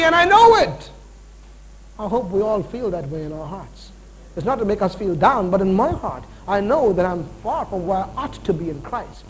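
A man in his forties preaching a sermon, animated, swinging between loud emphasis and quiet, slow points. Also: extremely high pitch, low-quality recording. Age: 40s.

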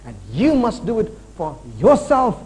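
A man in his forties preaching a sermon, animated, swinging between loud emphasis and quiet, slow points. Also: extremely high pitch, poor audio. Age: 40s.

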